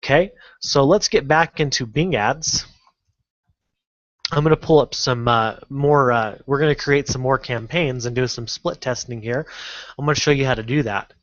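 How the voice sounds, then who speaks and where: A man walks through a tutorial in an easy, halting way, stopping often to restart. His voice sits at a middle pitch. The sound is dry and dull, like a cheap desk mic recording. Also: fairly bright tone, dry recording. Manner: casual, halting, many fillers and restarts. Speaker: online marketing instructor. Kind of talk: screen-recorded tutorial walkthrough.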